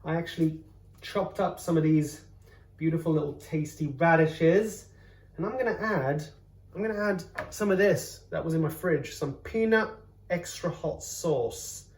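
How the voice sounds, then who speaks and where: A man hosting a casual cooking vlog from his home kitchen, joking around and exclaiming loudly as he tastes. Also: on the high side, a little slow. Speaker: host, comedian cooking at home. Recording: roomy kitchen sound. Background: faint background music.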